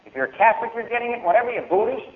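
A man giving a public speech and answering questions, declamatory and emphatic, swinging from loud to low. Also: animated, very fast. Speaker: speaker. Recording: tinny lo-fi archival recording.

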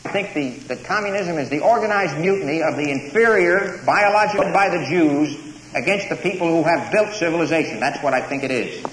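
A man's voice: fairly high pitch, expressive, brisk, a bit bright. A man giving a declamatory public speech to a live audience in a lecture hall, then taking questions, building his points up to punchy lines. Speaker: invited speaker at a campus lecture. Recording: roomy hall recording with faint hiss.

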